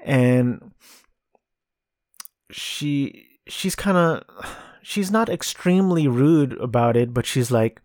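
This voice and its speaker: A man's voice: mid-range voice, slow, long pauses, a little mellow, no echo, studio quality. A man hosting a podcast, casually reviewing a film with frequent ums and restarts. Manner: hesitant, many ums and restarts. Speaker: podcast host.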